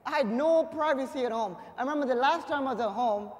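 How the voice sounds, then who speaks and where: A young man performing a stand-up comedy set on stage, punchy and energetic, with bursts of shouting. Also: extremely high pitch, fast talker. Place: live comedy stage before an audience. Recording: long hall reverb.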